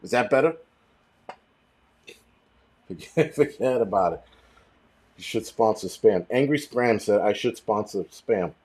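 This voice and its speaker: A man hosting a casual livestream chat, rambling and swearing freely with animated outbursts. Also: on the low side, measured pace, long pauses. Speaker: host.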